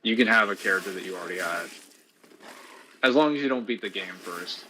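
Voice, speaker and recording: A man's voice: low voice, animated, brisk, sharp tone, slight background noise, rough recording. A young man playing a video game on stream, chatting in a laid-back way and sharing opinions about games. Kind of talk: casual gaming stream chat.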